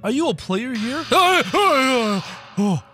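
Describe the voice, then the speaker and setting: A man doing excitable, jokey game commentary, yelping and shouting as he plays. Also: very high voice, slow pace, over music. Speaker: gaming channel host. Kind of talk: game commentary, playing in character.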